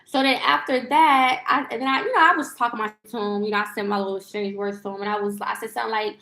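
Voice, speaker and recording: A woman with a fairly high voice tells a rambling storytime rant to her viewers. She curses freely and trips over fillers and restarts. The sound bounces around an echoey room. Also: fairly even intonation, fast talker, pushed and bright. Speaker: lifestyle vlogger and livestreamer.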